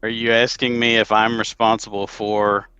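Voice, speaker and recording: A man with a bright, tense voice answers as the mystery guest, close and dry on the mic. He checks each question carefully in a wry, deadpan way. His replies stay clipped and understated. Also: fairly low pitch, normal speed, clean tone, dry recording, dull audio. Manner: dry, quietly wry, cautious.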